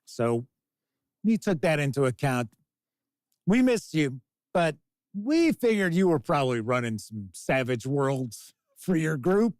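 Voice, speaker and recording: Fifties guy chatting on a live stream, reads comments, kinda high voice, dry mic. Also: sing-song, measured pace, darkish tone, no echo. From American. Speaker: podcast host reading chat. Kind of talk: casual live-stream chat.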